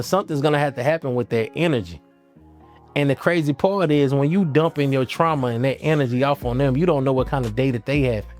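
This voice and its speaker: A man with a mid-range, darkish voice hosts his own channel, speaking casually to camera. His talk is loose and slangy, wandering and often restarting, while faint guitar music plays.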